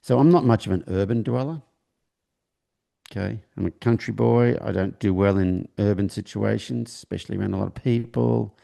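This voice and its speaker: A man tells a long personal story during an interview, halting and restarting as he acts out what people said. His voice is low and dark, with a gravelly texture. The delivery is conversational. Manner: halting, with many restarts, acting out quoted dialogue. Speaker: horse trainer, interview guest.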